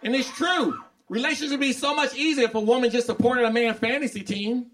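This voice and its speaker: Dude with a high voice doing standup, chatty, acts out bits. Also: male voice, brisk, a bit bright, some chatter behind. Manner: conversational, acts out dialogue. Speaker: stand-up comedian. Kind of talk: stand-up comedy routine.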